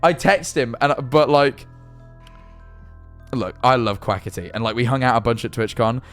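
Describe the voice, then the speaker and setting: A man's voice: medium pitch, faint music behind. Rambling, sweary male streamer. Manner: rambling, sweary, jumpy and quick to laugh. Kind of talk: casual livestream chat.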